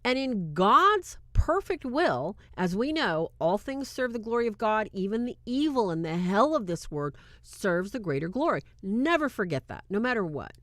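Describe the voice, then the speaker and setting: A woman hosting a religious film review, talking casually to her viewers and swinging between loud and hushed. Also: mid-range voice, big pitch swings, moderate pace, few pauses, dry recording, clean studio sound. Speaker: host reviewing a film on demonology. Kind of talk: casual faith-based commentary.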